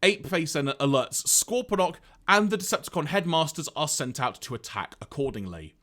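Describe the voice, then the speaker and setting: Male podcast co-host, lively rising-and-falling voice, upbeat recap, reads lines aloud. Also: on the high side, moderate pace. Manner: animated storyteller, reads out lines, laughs often.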